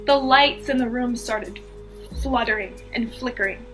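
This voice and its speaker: A woman's voice: on the high side, measured pace, fairly bright tone, soft background music. A woman from the US East Coast, a podcast guest, telling a personal story earnestly and with feeling, repeating phrases for emphasis.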